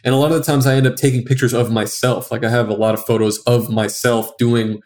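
A man's voice: mid-range voice, level tone, fast talker, a little mellow. A young adult man who is a guest comic artist, chatting casually on a podcast and rambling with a lot of filler words.

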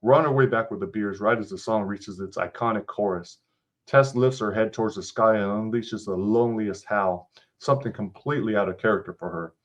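Low-voiced man reading a story with salty asides. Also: fairly quick. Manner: casual, profane asides. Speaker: podcast host. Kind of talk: reading an interactive story aloud.

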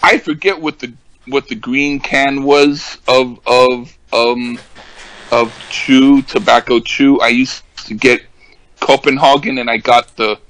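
An older man in casual conversation, talking haltingly with many ums and restarts. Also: mid-range voice, steady tone, fairly bright tone, poor audio. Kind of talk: casual chat.

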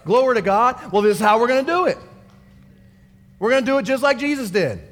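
A male pastor preaching a fervent, excitable sermon in a church hall. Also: extremely high pitch, fairly quick.

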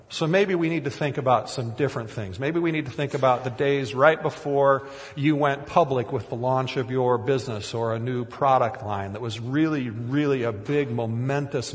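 A man's voice: medium pitch, in a large hall. A man from Minnesota preaching a sermon in church, conversational and self-deprecating, with frequent restarts and asides. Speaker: pastor. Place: church sanctuary.

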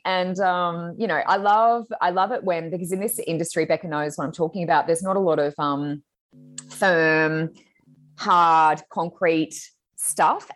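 Aussie woman, pretty low voice, chatty podcast storytelling, lots of ums. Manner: chatty, excitable storytelling with many fillers. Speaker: psychic medium podcast co-host. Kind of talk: casual chat.

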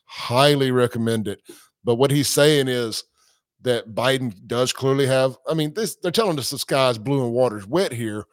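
A man's voice: medium pitch, dry recording, clean studio sound. A man hosting a livestream, talking casually, reading out comments and quotes. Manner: casual, conversational, reads comments and quotes aloud. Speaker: podcast host.

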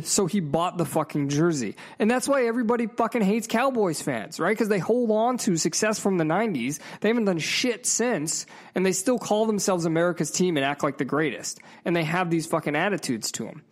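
A man's voice: high voice, brisk, few pauses. Man, casual vlog rant, swearing a lot, heated and emphatic, talks straight to the viewer. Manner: digressive, with asides to the viewer. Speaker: vlogger.

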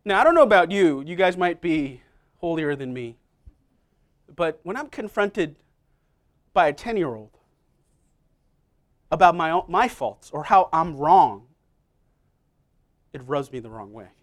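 In a church, a middle-aged man delivers a sermon full of personal stories, speaking conversationally and poking fun at himself with quick asides to the congregation. His voice sits on the high side and swings widely in pitch.

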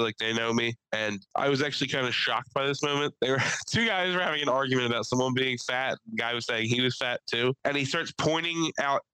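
A young man from Philadelphia with a Philly accent, telling crude, animated stories as a podcast co-host. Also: medium pitch, clear, resonant tone, no room sound, low-quality recording. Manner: crude, animated storytelling with put-on quoted voices. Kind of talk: casual chat.

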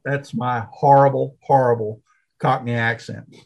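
A man co-hosting a podcast, relaxed and joking, often stammering as he starts a sentence. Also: mid-range voice, normal speed, highs cut off. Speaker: podcast co-host. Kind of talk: casual podcast talk.

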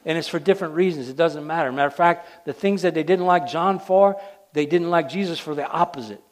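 A man preaching a sermon, driving points home and then dropping to a hush. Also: fairly high pitch, fairly quick. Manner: emphatic, swings between loud declarations and hushed asides.

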